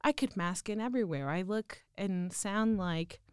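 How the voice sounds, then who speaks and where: A young woman with a Texan accent chatting casually as a guest, self-deprecating and quick to laugh. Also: mid-range voice, clean tone, no echo, studio quality. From Texas. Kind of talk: casual chat.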